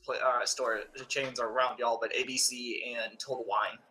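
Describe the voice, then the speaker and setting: A man with a bright, sharp-edged voice co-hosts a casual podcast. He explains things at length, with plenty of "like" and "uh". His pitch stays in a middle range. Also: flat delivery, normal speed, a little hiss or hum, low-quality recording. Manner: chatty, explains at length with fillers. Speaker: podcast co-host.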